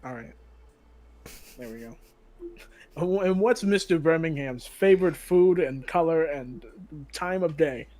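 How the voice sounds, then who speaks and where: A man's voice: a little high, a little slow, long pauses, a little mellow, rough recording. Rambling young-sounding man at the game table. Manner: rambling, full of fillers and swearing. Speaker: player. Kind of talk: casual tabletop game chat.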